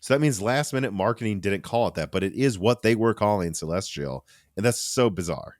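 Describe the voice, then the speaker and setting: A man with a deep, low voice hosts a casual tech podcast. He talks in an animated, rambling way, restarting sentences and adding asides. The sound is close and dry, with no room behind it. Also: brisk, dry recording. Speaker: podcast host.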